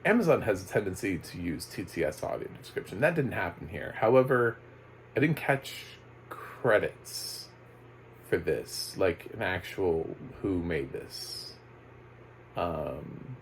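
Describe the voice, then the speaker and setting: A man's voice: low-pitched, slight background noise, rough recording. A man giving a casual, rambling video review of a documentary, full of fillers, restarts and chuckles. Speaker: movie reviewer.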